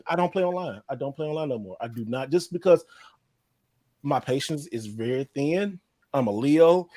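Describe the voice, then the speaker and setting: A man hosting a casual gaming podcast, animated and laughing often as he reads out viewer comments. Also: on the high side, no room sound. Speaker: podcast host. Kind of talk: casual chat.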